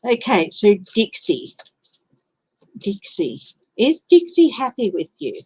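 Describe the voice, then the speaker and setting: Australian woman, unhurried, chatty live-stream tarot reader. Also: medium pitch, very animated, a little mellow, breathy edge, poor audio. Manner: chatty, greets viewers by name. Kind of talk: casual live-stream reading.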